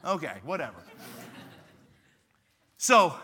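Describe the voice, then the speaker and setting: Brief: playful pastor, high, bright voice, dramatic storyteller. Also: male voice, very animated, a little slow, long pauses, slight background noise. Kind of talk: sermon at a youth rally.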